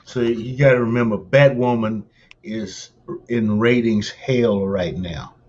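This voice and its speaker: A man's voice: medium pitch, slow pace, a little mellow, lo-fi sound. A man in a casual live chat, talking in a matter-of-fact way. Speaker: chat show panelist.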